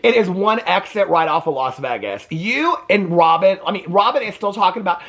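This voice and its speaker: A gossipy man recaps reality TV in a casual, profane way, full of sass. His pitch swings widely as he talks. There is a husky, slightly breathy texture to his voice. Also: normal speed, few pauses. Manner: animated. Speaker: host.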